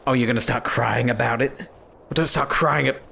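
A man's voice: mid-range voice, steady tone, moderate pace, creaky, pushed and bright, a little hiss or hum. A man giving comedic let's-play commentary, scolding and fussing over an in-game companion in an exasperated way. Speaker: gaming YouTuber.

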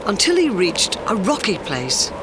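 A narrator reading a children's storybook aloud in a gentle, expressive way in a noisy recording. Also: medium pitch, measured pace.

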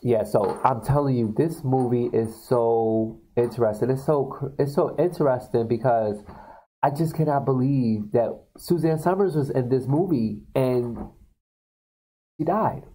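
A man casually recapping a movie in a loose, rambling way and slipping into voices for the characters. His voice has a mellow, darker tone at a middling pitch. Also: moderate pace, husky, rough recording. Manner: rambling, acts out characters' lines. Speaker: YouTube host.

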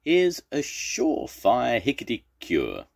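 A man's voice: mid-range voice, wildly swooping pitch, slow pace, gravelly, pitched above the performer's own voice, exaggerated voice. An older man voicing a playful, boastful crocodile with a bouncy, coaxing way of talking, in a children's storybook reading.

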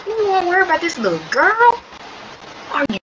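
A woman voicing a hot-tempered young woman farmer who snaps back with quick, dismissive comebacks, on a slightly dull recording with steady noise behind. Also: a little high, natural voice. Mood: indignant.

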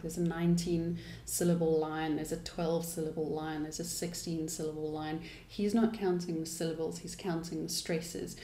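Woman, English teacher, mellow tone, roomy echo. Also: fairly low pitch, a little hiss or hum. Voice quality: thoughtful, explanatory manner with restarts. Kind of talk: poetry lesson. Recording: echoey room.

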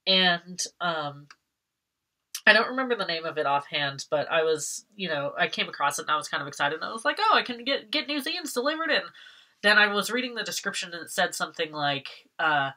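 A Massachusetts woman vlogger talks casually through an unboxing, full of excitement and frequent laughter, and she swears when she goes on a rant. Her voice is deep and her pace brisk.

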